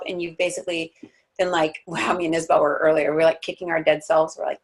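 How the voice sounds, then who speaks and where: A woman's voice: low voice, level tone, fast talker, rough recording. A young woman leading a guided visualization class in a casual, chatty way, full of filler words. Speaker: spiritual teacher leading a guided meditation.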